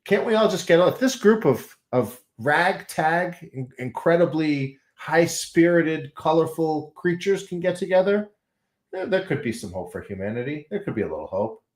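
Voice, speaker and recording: A man chatting casually and musing out loud on a late-night livestream from his off-grid farm, slightly stuffy with a runny nose. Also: a little high, big pitch swings, fairly quick. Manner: rambling, musing, self-mocking asides. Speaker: off-grid homesteader streaming live. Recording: roomy echo.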